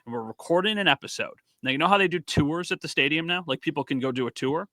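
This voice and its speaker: Podcast co-host, male, animated anecdote teller, bright tone, dry booth. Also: fairly high pitch, fast, dry recording. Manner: animated storyteller, acts out quotes. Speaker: podcast co-host and sports reporter. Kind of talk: casual podcast chat.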